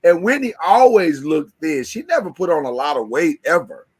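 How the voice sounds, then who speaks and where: A man's voice: a little high, big pitch swings, moderate pace, darkish tone, breathy edge. A man hosting a casual podcast discussion, talking emphatically and repeating words as he starts his thoughts. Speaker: podcast host.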